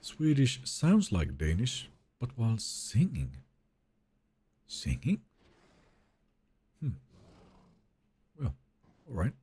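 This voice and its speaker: A man's voice: lowish voice, wildly swooping pitch, slow pace, pauses often, warm tone, slightly rough. A man streaming a game live, chatting casually and reading viewer messages aloud in a wry, joking way that trails off into mumbles.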